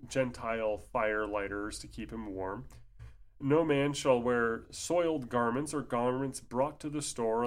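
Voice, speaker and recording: Sarcastic man reading and mocking. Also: mid-range voice. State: sleepy, yawning. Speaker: commentator. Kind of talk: reading aloud with commentary.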